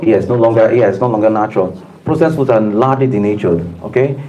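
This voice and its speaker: A man with a fairly low, dark voice talks quickly, giving a motivational speech to staff in a room with a live audience. He preaches emphatically and calls out to the listeners, and the recording sounds lo-fi.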